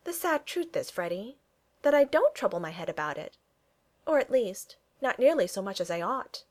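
A woman's voice: mid-range voice, big pitch swings, moderate pace, a little mellow. A woman voicing a sweet, earnest young Regency lady about to be married, speaking in proper phrasing.

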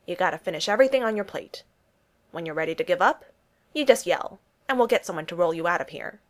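A woman's voice: on the low side, lively intonation, quick pace, lightly acted. A woman voicing a brash, teasing middle-aged diner waitress who speaks bluntly in a folksy way in a storybook reading. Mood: bossy.

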